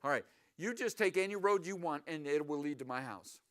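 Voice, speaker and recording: Man, pastor, sermon, high bright voice, smooth, questions the crowd. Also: a little fast. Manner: animated, asks the congregation questions. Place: church sanctuary.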